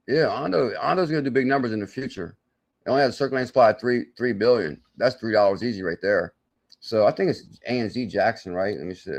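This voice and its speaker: A man hosting a live crypto stream, talking in an excitable, salesy way with loud outbursts, thinking aloud as he works through sums and reads the viewer chat. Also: fairly low pitch. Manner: thinks aloud while doing sums and checking charts. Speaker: crypto channel host.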